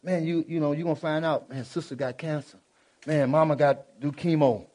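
A man's voice: on the high side, steady tone, moderate pace, a little mellow. A man preaching a sermon in a folksy, exclaiming way. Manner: folksy, exclaiming, prone to laughter.

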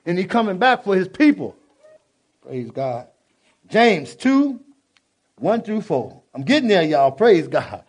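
Preacher guy, folksy, shouts out praise, voice a bit high. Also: big pitch swings, a little slow, pauses often, husky. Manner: folksy, exclaiming, prone to laughter. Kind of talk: sermon.

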